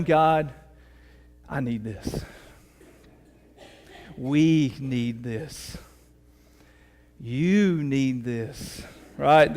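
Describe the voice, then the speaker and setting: A man's voice: high voice, clear, resonant tone. A middle-aged man preaching a sermon as pastor, telling a story in a conversational way and asking his congregation questions. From United States. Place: church sanctuary. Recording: long reverb of a church hall.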